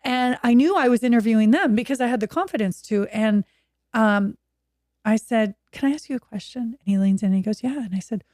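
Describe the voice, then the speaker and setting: Animated woman telling her story. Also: fairly high pitch, fairly quick, dry recording, clean studio sound. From Oregon, USA. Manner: animated, acts out quoted voices. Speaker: guest. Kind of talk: candid conversational storytelling. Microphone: video call.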